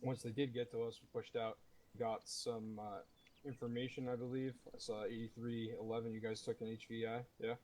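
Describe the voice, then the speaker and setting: A man commanding a military sim unit, leading a mission debrief over game voice chat in a steady, matter-of-fact manner. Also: mid-range voice, brisk, poor audio. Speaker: commanding officer running the debrief.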